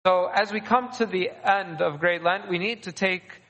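A man's voice: sits high, moderate pace, sharp tone, in a large hall, dull audio. A man, a priest giving a conversational sermon, often repeating and restarting phrases. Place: church.

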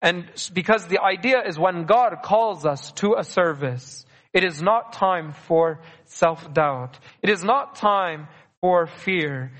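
A man with a notably high voice delivers a sermon, earnest and steady. He leans on repetition to press each point home. His words ring out with a long reverb, as in a large hall. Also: takes it slowly. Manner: earnest, repeats key phrases for emphasis. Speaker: preacher.

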